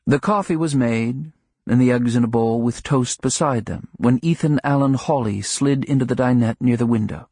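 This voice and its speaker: A male audiobook narrator reading a literary novel in measured, unhurried prose. His mid-pitched voice has a slight huskiness, and the studio sound is close and dry with no room echo. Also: a little mellow, husky.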